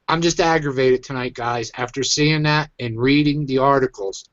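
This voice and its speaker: A man's voice: mid-range voice, normal speed, dry recording, lo-fi sound. A man hosting his own online show, venting in an agitated, emphatic rant. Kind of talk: angry ranting commentary.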